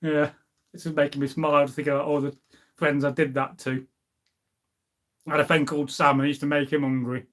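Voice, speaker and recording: A man hosting a casual live stream, rambling and reading out chat comments, drawing out food words slowly. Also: on the high side, level tone.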